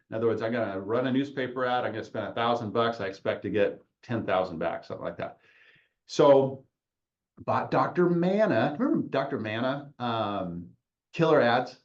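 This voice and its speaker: A man in his forties tells his career story on a podcast, rambling and correcting himself as he goes. His voice sits at an ordinary middle pitch. The recording sounds a little muffled and lo-fi. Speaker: podcast host, chiropractor. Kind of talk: casual storytelling.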